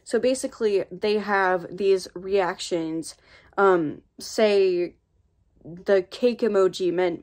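A woman's voice: medium pitch, slow pace, a little mellow. Chatty, sassy American woman vlogging. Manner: chatty, rambling, playful and a bit sassy. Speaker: voice acting tutorial host. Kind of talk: casual tutorial vlog. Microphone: own microphone.

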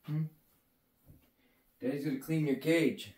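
A man's voice: mid-range voice, moderate pace, warm tone, echoey room. A man coaxing and cooing at his pet raccoon in doting baby talk while cleaning its cage indoors. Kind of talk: casual vlog, talking to a pet. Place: indoors, near an animal cage.

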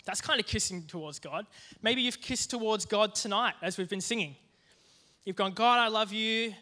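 A young man giving a youth sermon, telling a personal story in a lively, joking way with plenty of asides. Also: sits high, moderate pace. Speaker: youth group speaker.

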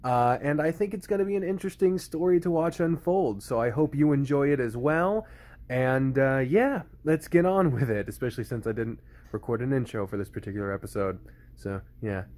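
A man playing through a visual novel, reading the narration aloud in a casual style and reacting loudly between passages. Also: medium pitch, moderate pace.

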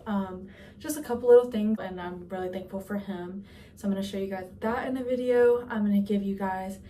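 A woman's voice: medium pitch, dark tone, far from the mic, a little hiss or hum. A young woman from Georgia, a little out of breath, chatting through a casual vlog update from her office. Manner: chatty, rambling with fillers. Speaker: vlogger. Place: office at work.

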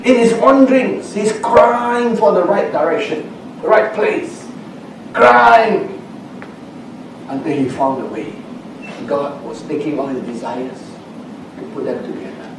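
A man preaching a sermon as a pastor. He speaks slowly, dropping to a hush at times and rising to shouts for emphasis. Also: on the high side. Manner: slow, swings from hushed to shouting with emphasis. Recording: echoey hall, recorded from a distance with faint background noise.

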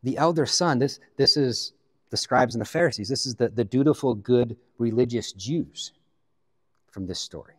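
A man from the Pacific Northwest, a guest pastor, preaching a sermon in an animated storytelling way, with joking asides. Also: medium pitch, normal speed, husky, big-room sound.

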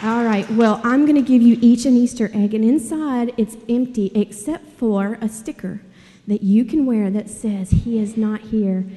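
A woman leading a children's sermon, animated and asking the kids questions. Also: a little high, normal speed, slight background noise. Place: church sanctuary. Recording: long church hall reverb.

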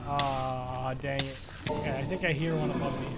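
A young man giving excitable live commentary while playing a video game, muttering one moment and yelling the next. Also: medium pitch, normal speed, loud music behind the voice. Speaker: gaming YouTuber.

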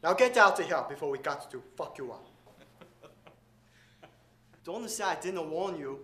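A man's voice: fairly high pitch, animated, slow, fairly bright tone, echoey room. An actor playing a cocky, threatening male gang leader guarding a theater. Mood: menacing. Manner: threatening, cocky, laughing taunts.

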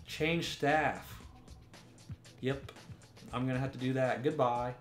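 A man tosses off wry, joking remarks while he plays through a basketball management game. His voice sits at an ordinary pitch and rings in a roomy, echoey space. Faint music plays underneath. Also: steady tone, slow pace, long pauses. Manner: sarcastic, joking banter. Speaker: gaming YouTuber. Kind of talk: casual gameplay commentary.

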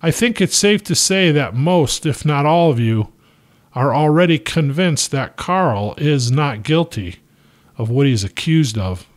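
A man's voice: fairly high pitch, expressive. A man voicing a steadfast small-town pastor who preaches firmly from the pulpit, reading it aloud from a novel. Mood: resolute. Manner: firm, measured preaching with emphatic rises. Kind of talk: sermon from the pulpit, read from a novel.

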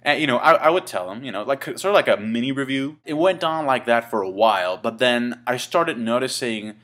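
A man's voice: mid-range voice, animated, brisk, a bit bright. A man in his twenties telling a casual story to camera, rambling and swearing, with many fillers and restarts. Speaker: vlogger.

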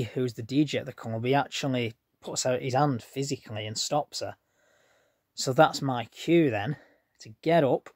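A man's voice: medium pitch, no echo, clean studio sound. A man telling a rambling personal story straight to his viewers in a chatty, plain-spoken way. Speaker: vlogger. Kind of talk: casual storytelling to camera.

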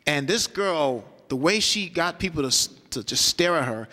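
A man's voice: fairly high pitch, expressive, moderate pace, hardly any pauses, sharp tone. A man giving a loose, conversational talk as a guest lecturer, often checking in with "right?". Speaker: guest lecturer, solo performer. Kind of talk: university lecture with storytelling. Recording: long hall reverb.

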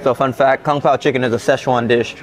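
A man's voice: mid-range voice, fairly even intonation, a little fast, a crowd in the background. A man hosting a food vlog at a restaurant table, reacting enthusiastically as he tastes dishes. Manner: enthusiastic, tasting and reacting aloud. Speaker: food vlogger host. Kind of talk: casual food tour vlog.

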